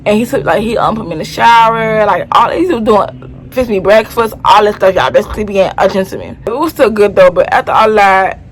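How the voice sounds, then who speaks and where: A woman's voice: medium pitch, a little fast, a little hiss or hum, poor audio. A young woman from Florida telling a personal story in a casual storytime vlog, chatty and slangy, often turning to her viewers. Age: young adult. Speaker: vlogger.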